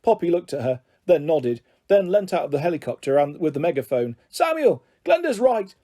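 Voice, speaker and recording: Mellow-voiced man reading a story aloud. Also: animated, fairly quick. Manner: voices characters with high, raised pitch. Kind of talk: reading a children's book aloud.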